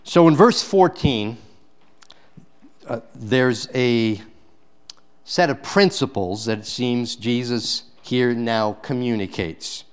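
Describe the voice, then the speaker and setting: Speaking at a medium pitch and an unhurried pace, this male pastor delivers a sermon in a clean tone. His delivery rises to forceful peaks and drops into hushed, intense moments, punctuated by rhetorical questions aimed at the congregation.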